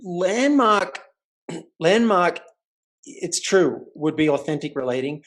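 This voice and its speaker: A man's voice: on the high side, slow pace. A man, a life coach, telling a story as the guest in a casual remote interview. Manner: animated, vivid storyteller. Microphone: remote call.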